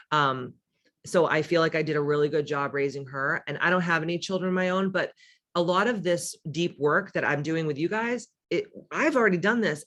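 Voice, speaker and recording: A woman's voice: low-pitched, a bit bright. A middle-aged woman with a smoky voice hosts a casual livestream as a spiritual coach. She answers viewer comments in a frank, playful way, swearing freely and laughing often. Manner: candid and profane, laughs often, playful asides.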